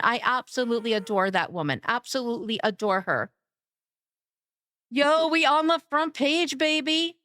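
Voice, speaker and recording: Young woman streamer, high, unhurried, cutesy and bubbly, dry close mic. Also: fairly bright tone, dry recording. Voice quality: bubbly, cutesy baby talk. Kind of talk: casual live-stream chat.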